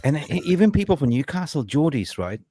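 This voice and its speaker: A man hosts a casual football fan chat, telling stories with a very lively, swooping voice and frequent laughs. The recording is dry and close. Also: on the high side, brisk, husky, dry recording. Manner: animated storyteller, laughs often. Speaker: podcast host.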